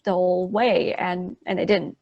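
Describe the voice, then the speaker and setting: A woman co-hosting a podcast, giving thoughtful, halting comments on a book. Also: on the low side, level tone, creaky, highs cut off. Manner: thoughtful, halting, with frequent affirming murmurs. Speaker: podcast co-host. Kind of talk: casual book discussion.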